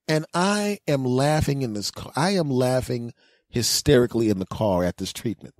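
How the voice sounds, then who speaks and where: A man in his forties telling a comic story on his podcast, animated and jumping into other people's voices. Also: moderate pace, no echo, clean studio sound. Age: 40s. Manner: animated, mimics other people's voices with big pitch jumps. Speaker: podcast host. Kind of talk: comedic storytelling monologue.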